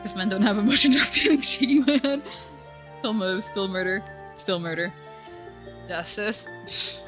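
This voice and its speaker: A woman streamer commenting casually on a game, excitable, emotional and swearing freely. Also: medium pitch, a little slow, long pauses. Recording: game music playing loudly behind. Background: game music.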